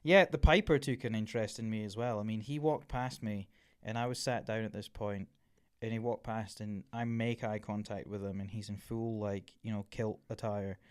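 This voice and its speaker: A man's voice: fairly low pitch, moderate pace, clear, resonant tone. Scottish man telling stories. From Scotland. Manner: animated storyteller, swears casually. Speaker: podcast co-host. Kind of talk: casual chat.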